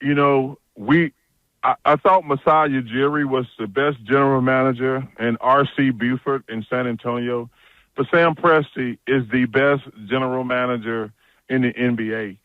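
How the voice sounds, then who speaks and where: A man's voice: medium pitch, steady tone, normal speed, dry recording, phone-quality sound. A man chatting as a guest analyst on a radio show, blunt and jokey, telling stories with lots of restarts. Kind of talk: casual phone-in radio chat.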